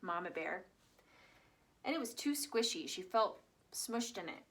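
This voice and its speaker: Lively woman telling a children's story. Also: mid-range voice, measured pace. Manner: animated, asks the listeners questions. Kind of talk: reading a story aloud to children.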